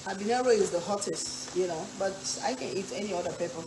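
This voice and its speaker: A woman's voice: medium pitch, quick pace, heavy background noise. A woman from Africa, hosting a live cooking stream, chatting and reading viewer comments while she cooks. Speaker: cooking livestream host. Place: home kitchen. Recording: echoey kitchen with frying sizzle. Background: frying and stirring sounds.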